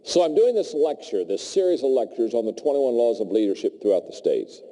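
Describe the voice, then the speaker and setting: Animated male keynote speaker in a hall. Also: mid-range voice, brisk. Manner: animated, jokey anecdotes. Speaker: leadership speaker. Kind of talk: storytelling keynote talk. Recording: long hall reverb.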